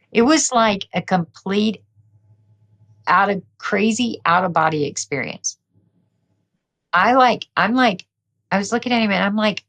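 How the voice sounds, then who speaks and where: A middle-aged woman telling her story as a podcast guest, energetic and quick to laugh. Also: lowish voice, vocal fry. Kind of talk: casual interview talk.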